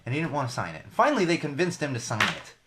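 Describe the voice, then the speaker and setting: A podcast host with a mid-range, wildly swooping voice talks rapid-fire over heavy background noise in a small home studio. On a solo live stream, he rants heatedly and profanely about the news, repeating phrases for emphasis.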